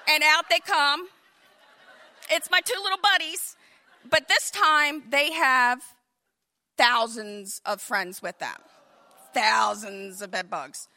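A middle-aged woman telling a funny personal story, animated, acting out quotes in shifting voices. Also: high-pitched, unhurried, long pauses, a faint crowd.

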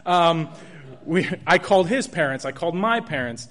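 A man's voice: on the high side, animated. Man telling a personal story. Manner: earnest, halting retelling with restarts and soft laughs.

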